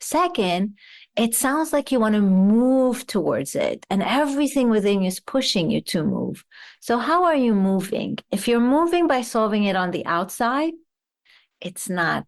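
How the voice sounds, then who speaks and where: A woman psychologist, a guest on an interview show, explaining her ideas through worked examples and rhetorical questions. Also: medium pitch.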